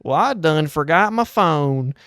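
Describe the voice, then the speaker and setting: A demanding old man speaks in a slow, gruff drawl, quoted by a man telling a story. The voice is pitched a little above the teller's own and sounds smooth. It is recorded close and dry. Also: expressive, a bit bright, no echo. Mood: grumbling. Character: cranky, demanding old man at a tire shop.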